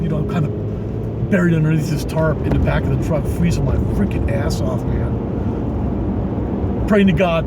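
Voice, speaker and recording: A man's voice: fairly high pitch, normal speed, long pauses. A man telling rambling stories on a live stream from his truck, laughing often and dropping "man" and mild swears. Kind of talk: casual storytelling on a live stream. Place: inside a moving truck cab. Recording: road and engine noise behind.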